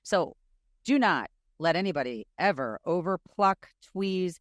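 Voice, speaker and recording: A middle-aged woman, co-hosting a casual podcast chat and talking with emphatic, animated energy. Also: lowish voice, measured pace, dry recording, studio quality. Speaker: podcast co-host.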